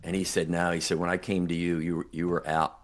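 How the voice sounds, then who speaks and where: Speaking fast in a low-pitched, level voice, an older man on an interview podcast recounts a near-death experience. He's earnest and reflective, acting out the people involved and stressing their quoted words.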